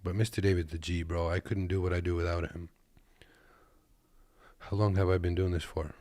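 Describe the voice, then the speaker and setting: Deep-voiced man in laid-back commentary. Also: level tone, normal speed, dark tone, no echo. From Kazakhstan. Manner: laid-back, joking, talks to viewers as "boys". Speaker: truck driver and reaction video host. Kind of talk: casual reaction commentary. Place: at his desk.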